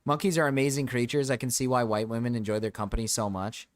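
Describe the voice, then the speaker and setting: Young man, mid-pitched, doing loose reaction commentary on a live stream; jumpy energy, cusses freely, breaks into high yelps. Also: quick pace, no echo, clean studio sound. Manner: excitable, swears, frequent laughter, sudden high yelps.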